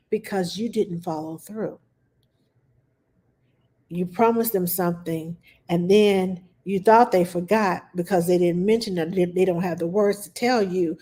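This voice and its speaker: Woman nanny, mellow warm tone, earnest and repetitive in her advice. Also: mid-range voice, steady tone, measured pace. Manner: earnest, repeats key points for emphasis. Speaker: nanny giving parenting advice. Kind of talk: casual advice talk to camera.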